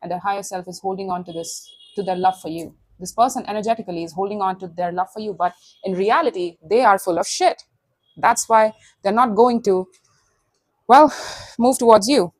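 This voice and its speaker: A woman tarot reader talks straight to her viewers in a blunt, sassy way, slipping into imagined voices. Her pitch sits in the middle, and the sound is close and dry with no room echo. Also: fairly quick. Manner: sassy, blunt, acts out quoted inner voices. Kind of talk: casual tarot reading to camera.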